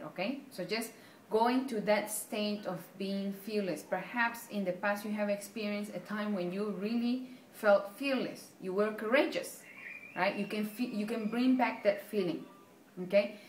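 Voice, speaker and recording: An earnest, affectionate woman presenting a motivational self-help talk to camera. She keeps checking in with her listeners and answers her own questions as she goes. Her voice sits at a medium pitch, recorded in a roomy, echoey space with a faint hiss behind it. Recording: echoey room with faint background noise.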